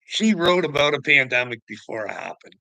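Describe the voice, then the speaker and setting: A man rants in a loose, profane ramble, his gravelly voice carrying a bright, pushed edge. The sound is dry and close, with no room around it. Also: medium pitch, very animated, a little fast, dry recording, rough recording. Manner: profane, rambling, laughs often. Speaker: host. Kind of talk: casual ranting talk.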